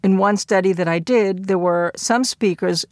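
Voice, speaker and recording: A middle-aged woman giving a lecture in a measured, explanatory way. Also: mid-range voice, a little mellow, dry recording, studio quality. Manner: measured, explanatory delivery with occasional fillers. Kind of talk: recorded lecture.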